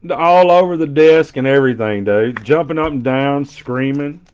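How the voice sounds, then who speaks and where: On a casual card-break stream, a middle-aged man with a Southern twang cracks open trading cards while bantering with chat and doing loud impressions. His voice sits mid-range at a moderate pace, and the dull lo-fi audio has a little hiss or hum.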